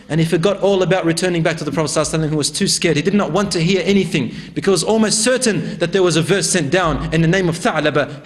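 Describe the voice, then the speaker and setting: A male preacher tells a religious story in a dramatic, emphatic way, swinging between loud and hushed delivery. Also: high-pitched, quick pace. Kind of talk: storytelling sermon.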